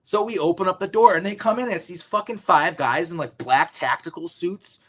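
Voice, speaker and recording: A man talking as an interview guest, telling a story in an animated, rambling way with lots of swearing. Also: sits high, normal speed. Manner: animated, profane, rambling with restarts.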